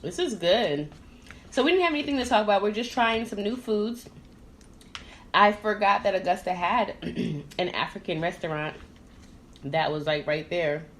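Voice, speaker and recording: A woman's voice: mid-range voice, moderate pace, slight background noise. A woman who grew up in Trinidad, hosting a casual podcast while eating and chatting, laughing easily and talking with her mouth full. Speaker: podcast host.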